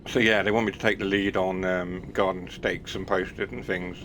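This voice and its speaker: A chatty man talking loosely through a live stream, wandering from topic to topic with a self-deprecating edge. His voice sits somewhat low. A faint background hum runs under his talk. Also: level tone, normal speed, fairly bright tone. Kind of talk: casual live-stream chat.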